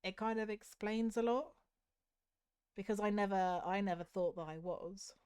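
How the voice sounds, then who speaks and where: A young woman from the south of the UK with a Southern English accent, chatting openly with her stream viewers in a soft, candid, self-critical way with hesitant restarts. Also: mid-range voice, normal speed, clean tone, no room sound, studio quality. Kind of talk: casual chat with stream viewers.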